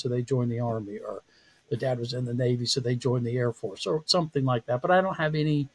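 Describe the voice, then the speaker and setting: A man's voice: medium pitch, darkish tone. A man speaking as a podcast interview guest and psychology professor, telling his career story in a candid, self-deprecating way with frequent laughs.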